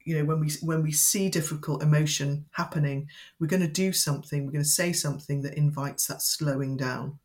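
A woman educator giving calm, measured advice as a guest in an interview. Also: deep voice. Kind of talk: interview explanation.

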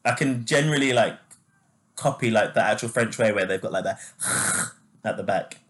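A man's voice: lowish voice, a little fast, fairly bright tone. A man co-hosting a casual chat podcast, talking loosely with lots of fillers and laughing easily. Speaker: podcast co-host.

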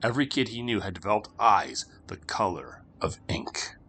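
Lively male storyteller with a bright voice. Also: on the low side, moderate pace, slight background noise. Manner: dramatic, shifting delivery. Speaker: narrator. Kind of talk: storytelling narration.

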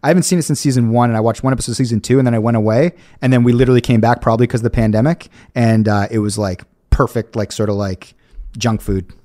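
Enthusiastic man telling a story fast. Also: medium pitch, fairly even intonation, mellow. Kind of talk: casual chat.

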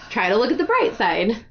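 A woman's voice: a little high, wildly swooping pitch, unhurried, a bit bright, muffled recording, full character voice. A woman voicing a weary male doctor who talks bluntly and practically.

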